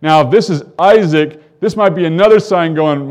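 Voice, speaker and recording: Guy teaching bible verses, reads a bit then stops to explain, fairly high voice for a man, gets animated on the quotes. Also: fairly quick, hardly any pauses. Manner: reads scripture aloud and stops to comment; animated, voice climbing when quoting the characters. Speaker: preacher.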